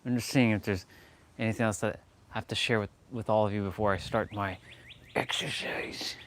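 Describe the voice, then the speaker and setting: A man's voice: fairly low pitch, fairly even intonation, quick pace. Laid-back young man chatting on a livestream. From Canada. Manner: laid-back, laughing, slangy. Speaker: fitness livestream host. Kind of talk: casual livestream chat.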